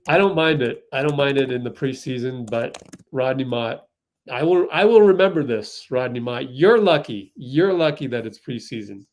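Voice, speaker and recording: A man hosting a fan livestream, giving excitable live play-by-play and getting outraged at the referees. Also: medium pitch, normal speed.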